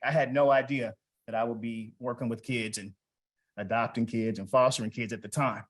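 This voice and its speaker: A man's voice: medium pitch, fairly even intonation, a little fast, low-quality recording. A man in his forties giving an award speech, telling a personal story in a conversational way, acting out family dialogue and asking the audience questions. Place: event hall.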